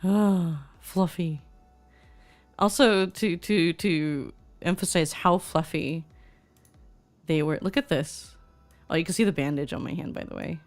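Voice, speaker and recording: A woman's voice: on the low side, unhurried, long pauses, faint music behind. A young woman VTuber chatting casually on stream, gushing and reading chat aloud.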